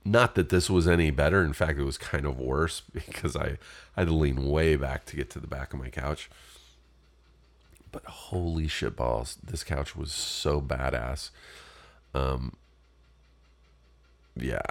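A man's voice: very deep voice, measured pace, long pauses. A man telling a rambling personal story in a casual, profane way, with many fillers.

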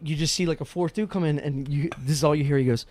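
A man hosting a casual comedic chat, an animated and profane storyteller. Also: fairly high pitch, fast, noisy background.

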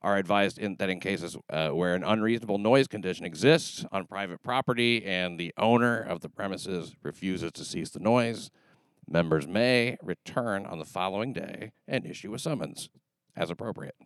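Brief: low-voiced male podcast host, sardonic banter, dry close sound. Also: normal speed, no room sound. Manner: dry, sarcastic joking.

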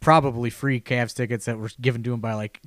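A man's voice: medium pitch, fairly even intonation, fast talker, dry recording. Man telling a rambling story, dry sound. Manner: rambling anecdote full of "you know" and restarts. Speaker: podcast host telling a story. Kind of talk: casual chat.

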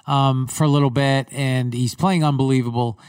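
A man with a Long Island accent rambles through a story as a podcast co-host, circling back on his words. His voice sits a bit back from the microphone, with a middle pitch. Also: fairly even intonation, moderate pace, darkish tone, clear, resonant tone, far from the mic. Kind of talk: casual chat.

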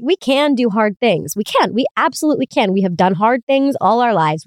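A woman's voice: medium pitch, a little mellow, smooth, no echo, studio quality. A young woman hosting a casual solo podcast, talking candidly, swearing freely and laughing often. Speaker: podcast host.

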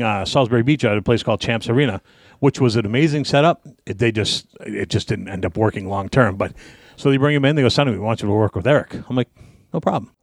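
A man's voice: mid-range voice, no echo, studio quality. Profane man telling a wrestling story. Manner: profane, animated, acts out yelling. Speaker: guest, pro wrestler. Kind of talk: casual storytelling.

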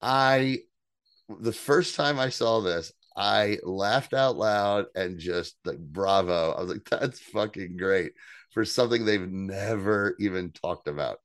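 A man with a lowish voice recaps a TV episode on a casual podcast, telling it with lively, animated energy. He acts out the characters' lines and swears freely. The sound is dry and close, with no room around it. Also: slow, no room sound. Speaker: podcast co-host.

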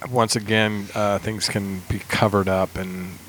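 A man co-hosting a podcast, chatting casually about films and shows with many pauses and restarts. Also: lowish voice, a little hiss or hum. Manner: relaxed, halting, many ums and restarts. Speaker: podcast co-host.

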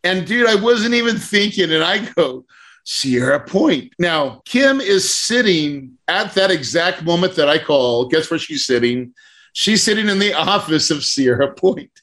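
A man coaching a class on real estate deals, telling a story with lively acted-out quotes. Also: a little high, a little slow. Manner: animated storyteller, acts out quotes.

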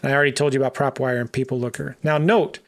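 A man's voice: medium pitch, racing. A man teaching land investing, talking emphatically and directly to the viewer. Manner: emphatic, animated, talks straight to the viewer. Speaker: real estate investor teaching. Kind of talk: energetic coaching talk.

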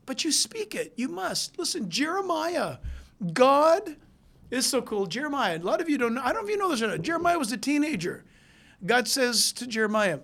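A preacher delivering a sermon, moving between hushed, intense stretches and loud, emphatic ones. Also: high voice, very animated, normal speed.

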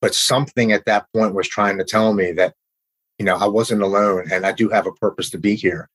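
A man, telling his recovery story in an earnest, halting way with many restarts. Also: fairly low pitch, steady tone, fairly bright tone, husky, poor audio. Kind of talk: casual conversation.

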